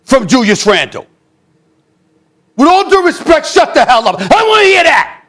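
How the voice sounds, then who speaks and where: A male sports commentator in a heated studio debate, ranting emphatically and often shouting. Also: extremely high pitch, big pitch swings, normal speed.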